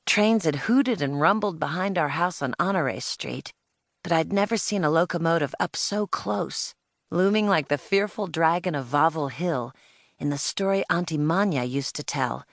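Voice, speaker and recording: A woman's voice: low-pitched, dry recording, studio quality. A woman narrating a children's audiobook in first person, telling it in the plain-spoken voice of a spirited young girl.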